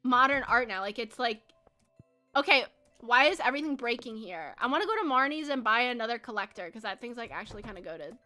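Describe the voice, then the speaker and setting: A woman's voice: fairly high pitch, animated, a little fast, bright, forceful tone, faint music behind. A young woman chatting casually with her viewers while playing a game, giggly and full of fillers. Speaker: game streamer. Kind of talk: casual chat while gaming.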